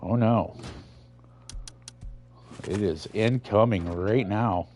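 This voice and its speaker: A man hosting a gaming channel speaks very slowly in a fairly low, darkish voice, with a little hiss or hum. While playing a video game, he offers laid-back, profane, rambling commentary.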